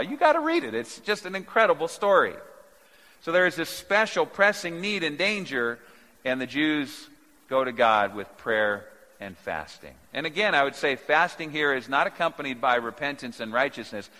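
A man preaching a sermon, swinging from quiet, low asides to loud, emphatic peaks. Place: church sanctuary. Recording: long reverb of a large hall.

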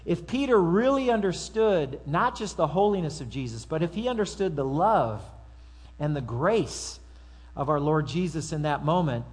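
A man's voice: a little high, lively intonation, moderate pace, husky. A man preaching a sermon to his congregation in a conversational way, with asides and acted-out quotes. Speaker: pastor.

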